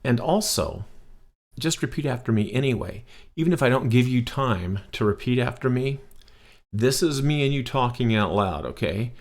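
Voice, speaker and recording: A man's voice: medium pitch, lively intonation, moderate pace. A man teaching a recorded beginner language lesson, patient and encouraging, checking in with "okay?" as he explains.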